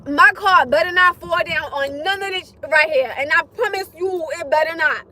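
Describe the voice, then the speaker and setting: A woman's voice: very high-pitched, normal speed, a little hiss or hum, low-quality recording. A young woman livestreaming from her car, chatting to her viewers and yelping in alarm at the road ahead. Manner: animated, swears and shrieks in alarm at the road; talks straight to viewers. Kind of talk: casual livestream chat.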